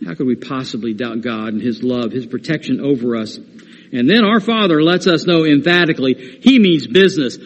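A man's voice: mid-range voice, normal speed, in a large hall. A man preaching a sermon, earnest and rising to emphatic stress when he quotes scripture.

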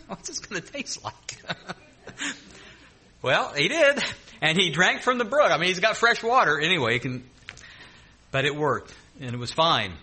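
A man preaching a sermon, retelling scripture with lively, joking asides between the verses he reads. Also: a little high, unhurried, long pauses, breathy edge.

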